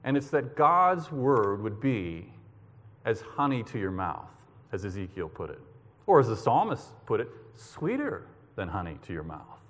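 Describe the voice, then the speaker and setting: A man giving an earnest, measured sermon as guest preacher at a church service. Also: on the low side, very animated. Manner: measured, earnest, slows for emphasis. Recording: long hall reverb.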